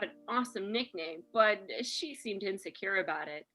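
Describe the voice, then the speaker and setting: A woman's voice: medium pitch, animated, moderate pace, few pauses, sharp tone, soft background music, low-quality recording. A woman hosting a comedy podcast, reading out a listener's letter and then ranting sarcastically about it. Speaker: podcast host. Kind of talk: casual comedy podcast chat.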